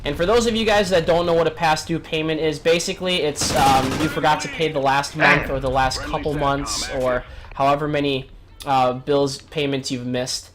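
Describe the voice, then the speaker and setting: A man in his twenties telling a story to his viewers in an animated, chatty vlog style. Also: a little high, normal speed, a little hiss or hum. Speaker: vlogger.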